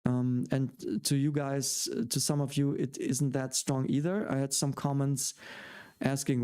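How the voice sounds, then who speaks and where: A man's voice: mid-range voice, flat delivery, unhurried, mellow, clear, resonant tone. A man with a German accent hosting a live question-and-answer stream, rambling and hesitant with many fillers and restarts. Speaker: host.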